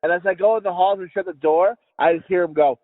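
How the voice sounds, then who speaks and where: A man in his thirties co-hosts a podcast, swearing freely while telling animated stories in casual chat. His voice sits high and he speaks fast, with no echo, and the recording has a dry, tinny, phone-like sound.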